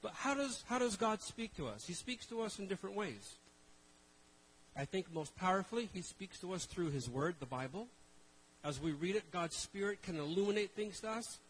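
A man's voice: high-pitched, lively intonation, moderate pace, slight background noise, poor audio. A middle-aged man preaching a sermon to a live congregation in a conversational way, with self-deprecating jokes and rhetorical questions. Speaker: traveling minister.

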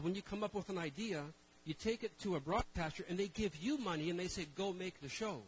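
A man's voice: high voice, husky, low-quality recording. A middle-aged man preaching a sermon to a live congregation in a conversational way, with self-deprecating jokes and rhetorical questions. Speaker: traveling minister.

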